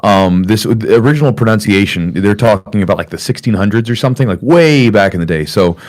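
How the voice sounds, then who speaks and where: A man's voice: lowish voice, a little fast, darkish tone. A man hosting a podcast in a small upstairs room, rambling casually with lots of fillers. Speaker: podcast host.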